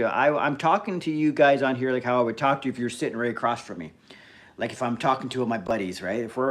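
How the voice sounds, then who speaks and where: A man hosting a casual live stream, talking bluntly in an animated rant that is full of swearing. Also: mid-range voice. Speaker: livestream host.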